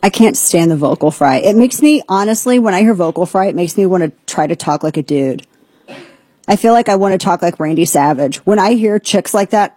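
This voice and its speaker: A woman's voice: fairly low pitch, lively intonation, normal speed, dark tone, slightly rough, no echo. A woman hosting a talk show, brash and sarcastic, riffing with mocking asides. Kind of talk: opinionated radio talk.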